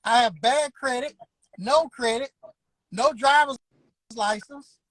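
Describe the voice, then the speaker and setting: A man's voice: extremely high pitch, a bit bright, no echo, rough recording. A man, telling his story as an interview guest in an emphatic, preacher-like way. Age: 50s. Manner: emphatic, preacher-like, drawn-out words. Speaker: interview guest, barber school owner. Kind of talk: motivational storytelling.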